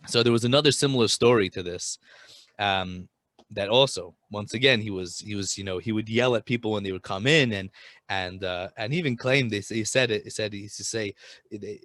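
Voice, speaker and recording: A man recounts a Hasidic tale in a loose, casual way, often restarting his sentences. His voice sits in a middle pitch. It is recorded dry and close. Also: a little fast, a bit bright, no echo. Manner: informal, with frequent restarts and Yiddish terms. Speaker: storyteller.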